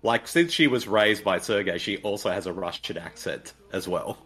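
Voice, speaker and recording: An Australian man with a fairly low, very lively voice chats through a film commentary. He jokes around and laughs easily. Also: moderate pace. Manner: jokey, laughs often. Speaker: podcast co-host.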